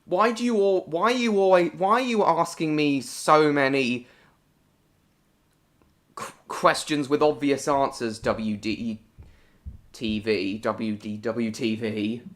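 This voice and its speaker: This is a British man hosting a weekly live stream, chatting with the people watching. He speaks at a leisurely, unhurried pace in a mid-range voice. He greets viewers by name and answers their comments in short, broken phrases. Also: medium pitch, steady tone.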